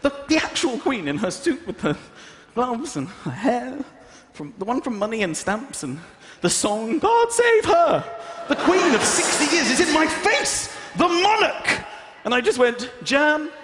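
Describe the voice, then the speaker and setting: Animated stand-up comedian. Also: male voice, very high-pitched, moderate pace, few pauses, a little hiss or hum. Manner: animated, acts out voices, shouts punchlines. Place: large hall with audience. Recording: echoey live hall, audience laughter.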